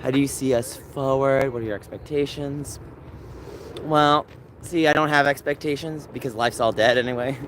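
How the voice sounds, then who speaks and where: On an outdoor live stream from a dog park, a man speaks in a steady, medium-pitched, fairly bright voice at a moderate pace. He strolls, rambles, reads chat out loud, and talks to dogs. Dogs bark against faint outdoor ambience.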